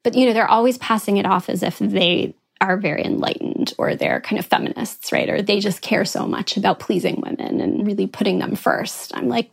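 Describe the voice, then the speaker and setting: A woman's voice: mid-range voice, expressive, brisk, gravelly, hardly any pauses. A woman in her late thirties, interviewed, telling a candid story in a wry, self-mocking way with frequent laughter. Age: 30s. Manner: laughs often, wry and self-mocking, mimics others in quotes.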